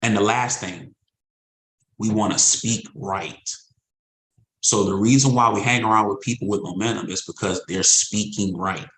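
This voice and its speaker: A man's voice: on the low side, steady tone, normal speed, fairly bright tone, roomy sound, poor audio. A man leading an insurance sales team in a motivational talk, speaking in a conversational, emphatic way and repeating his points. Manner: repetitive, emphatic, conversational preaching.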